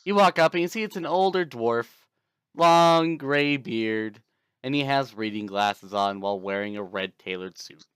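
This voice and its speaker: A man narrating as game master of a tabletop game in a casual, relaxed way. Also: medium pitch, normal speed, clean tone, no room sound, studio quality.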